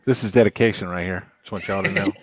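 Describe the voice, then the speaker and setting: A man's voice: deep voice, fast, no echo. A man hosting a live stream, chatting casually and jokily. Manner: animated, jokey, laughs easily. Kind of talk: casual chat. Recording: dull dry sound.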